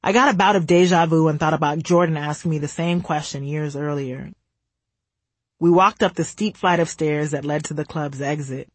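Woman reading her own memoir, wry and candid, husky voice, dry close mic. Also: deep voice, normal speed, no echo. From United States. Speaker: memoir narrator. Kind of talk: audiobook memoir narration.

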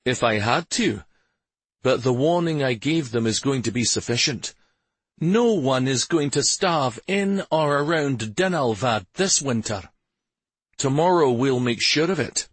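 A man voicing a stern, commanding adult prince who speaks in measured, imperious tones, in a storybook reading. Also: mid-range voice, expressive, slightly rough, dry recording, voice pushed up. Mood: fatherly.

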